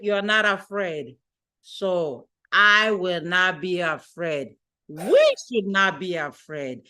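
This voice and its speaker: In a mid-range voice, a woman addresses the children during a worship service, telling them a story with lively, expressive delivery.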